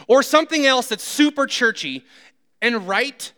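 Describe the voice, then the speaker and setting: A man's voice: extremely high pitch, animated, moderate pace, pushed and bright, smooth. A man preaching a sermon who tells humorous, self-deprecating stories. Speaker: pastor.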